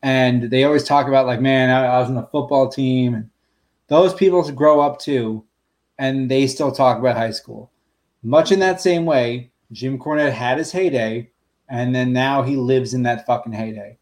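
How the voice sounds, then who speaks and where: A man's voice: mid-range voice, moderate pace, darkish tone. A man on a podcast ranting bluntly, swearing often in casual chat.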